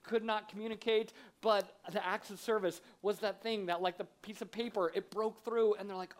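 A man's voice: sits high, moderate pace, few pauses. Man preaching a humorous sermon. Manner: humorous, self-deprecating storytelling; conversational, animated delivery. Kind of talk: sermon with personal stories. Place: church auditorium with audience.

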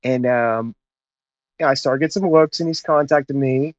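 A man's voice: mid-range voice, normal speed, no echo. Laid-back male guest, dull lo-fi sound. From Chattanooga, Tennessee, USA. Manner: rambling, laid-back storyteller, says "man" and "whatnot". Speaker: podcast guest, naval officer. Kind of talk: casual interview storytelling.

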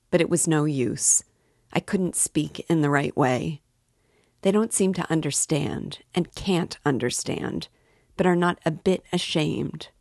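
A woman voicing a hearty, excitable young man in an audiobook reading, speaking eagerly and with emphasis. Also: sits low, no echo, studio quality, full character voice.

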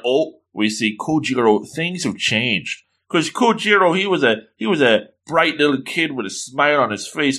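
A man reads a comic chapter aloud to his listeners, breaking off to joke about it. His voice is bright and forward, with a casual, playful lilt. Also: medium pitch. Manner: playful, joking, fond of the same exclamation; acts out the characters with changing voices. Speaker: reader reviewing a comic chapter. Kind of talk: casual comic read-along with commentary.

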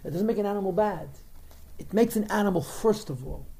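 A man's voice: high voice, a little fast, mellow. A man teaching a religious text, explaining in a digressive way with frequent repeated words. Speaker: Torah teacher.

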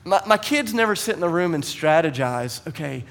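A man in his thirties preaching a sermon, telling stories and acting out voices in a conversational, animated way. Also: sits high, moderate pace. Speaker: pastor. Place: church.

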